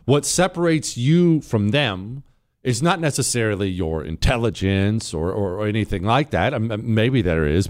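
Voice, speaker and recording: A man hosting a political talk show, reading listener messages and talking them through. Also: on the low side. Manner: animated, reads listener messages, mocking voices for quotes.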